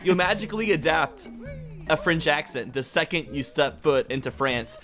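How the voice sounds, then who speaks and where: A man's voice: on the high side, lively intonation, moderate pace, bright, forceful tone, faint music behind. A young man joking crudely while playing a video game with a friend. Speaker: co-host. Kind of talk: casual gaming banter.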